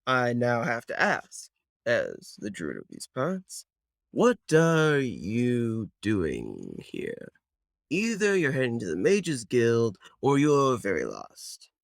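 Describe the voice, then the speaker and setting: A man's voice: medium pitch, wildly swooping pitch, takes it slowly, gravelly, no room sound, clean studio sound, full character voice. A man voicing a bearded male gnome druid who talks in a folksy drawl and grumbles about mages, in a tabletop role-play. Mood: suspicious.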